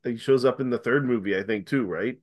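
Man, casual movie talk, hesitant and easygoing, average pitch. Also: fairly quick, a little mellow. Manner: easygoing, hesitant, many ums and restarts. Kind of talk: casual podcast chat about movies.

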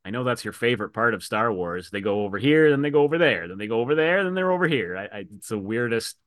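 A man's voice: mid-range voice, fast, no room sound, clean studio sound. A man chatting casually about movies, acting out scenes and quoting characters as he talks. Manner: animated storyteller, acts out lines from scenes.

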